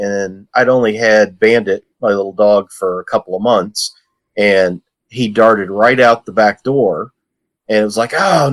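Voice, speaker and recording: A man, a guest on a podcast, telling a story and acting out the lines he quotes. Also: on the low side. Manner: tells a story warmly, acts out lines and laughs. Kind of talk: casual anecdote.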